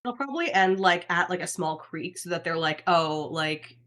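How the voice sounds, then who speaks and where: A woman's voice: fairly low pitch, expressive, fairly quick, a bit bright. A woman playing an elf in a tabletop game, describing her moves casually with lots of hesitation. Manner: chatty, hesitant with fillers. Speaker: player. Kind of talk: casual tabletop role-play.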